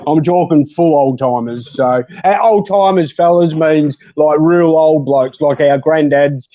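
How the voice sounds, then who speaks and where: A man's voice: fairly high pitch, unhurried. An Australian man from Western Australia hosting a casual chat, rambling, swearing constantly and laughing often. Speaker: host. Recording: dull lo-fi sound.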